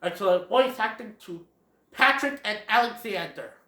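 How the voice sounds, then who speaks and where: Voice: medium pitch, animated, moderate pace, pushed and bright. A fan movie reviewer casually retelling a film in a rambling, repetitive way. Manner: rambling, repetitive 'and then'. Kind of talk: casual story-style movie recap. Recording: roomy echo.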